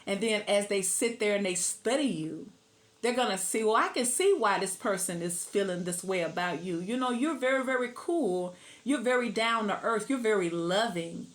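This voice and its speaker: A woman's voice: mid-range voice, lively intonation, normal speed. A middle-aged woman giving a casual tarot reading to camera, chatty, laughing often and sometimes breaking into song. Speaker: tarot reader.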